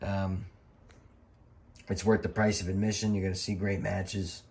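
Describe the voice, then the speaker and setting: A middle-aged former referee talks over old wrestling footage in a loose, chatty voice-over. His voice sits a little low, and he wanders from story to story. He swears casually and quickly gets fired up. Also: flat delivery, darkish tone. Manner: rambling, chatty, profane, quick to get worked up.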